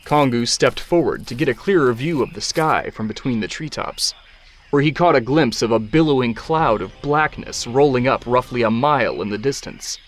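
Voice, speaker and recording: Male narrator, mid-pitched, steady, descriptive storytelling read. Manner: measured and descriptive. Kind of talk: scripted audiobook narration.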